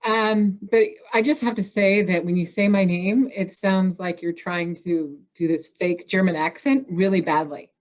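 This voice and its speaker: A woman's voice: lowish voice, fairly even intonation, moderate pace, hardly any pauses. A woman from Indiana, a guest author on a podcast, chatting casually with self-deprecating humor and frequent laughter. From Indiana, USA. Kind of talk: casual interview chat.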